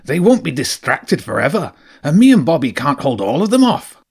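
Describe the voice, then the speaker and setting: A man's voice: on the high side, sing-song, normal speed, a little mellow, husky, pitched above the performer's own voice, heavily acted. A man reading an audiobook voices a sly, joking male rat mercenary with a wry, teasing manner. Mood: urging. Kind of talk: audiobook character voice.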